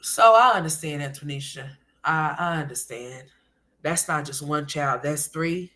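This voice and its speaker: Bright-toned, emphatic woman commentator. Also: low voice, unhurried. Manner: candid, emphatic and profane, calls listeners honey. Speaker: commentary channel host. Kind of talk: casual commentary.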